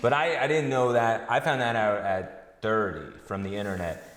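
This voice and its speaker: A man's voice: on the low side, normal speed, fairly bright tone. A man from North Jersey chatting easily in an interview, often laughing as he talks. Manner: laughing, easygoing, jokey. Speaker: guest comedian. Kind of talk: casual interview chat. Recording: echoey hall.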